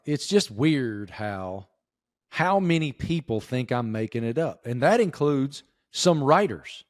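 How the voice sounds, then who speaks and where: A middle-aged man with a Southern Appalachian accent, chatting as a podcast guest and telling stories in a lively, folksy way. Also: medium pitch, no room sound, studio quality. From southwestern Virginia. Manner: animated storyteller, folksy drawl. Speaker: guest, sports reporter. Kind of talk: casual podcast chat.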